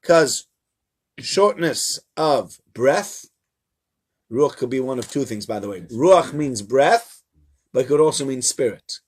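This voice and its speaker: A man, a rabbi, teaching a live-streamed Torah lesson to a small audience in a room, in an animated, chatty storytelling manner. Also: medium pitch, slow pace, long pauses, breathy edge. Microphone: camera mic.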